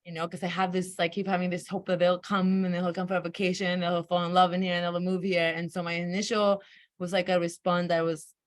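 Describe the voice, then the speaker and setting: A woman's voice: fairly low pitch, quick pace. A woman in a coaching session, speaking candidly with lots of fillers. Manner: candid, animated storytelling with many fillers. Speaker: coaching client. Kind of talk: emotional personal account.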